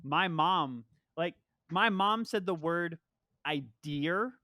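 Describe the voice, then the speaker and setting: A man's voice: high-pitched, takes it slowly, pushed and bright, no room sound, clean studio sound. A young man from New York with no accent, chatting loosely as a guest about playing Smash. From Long Island, New York. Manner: rambling, loose, swears often. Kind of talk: casual podcast chat.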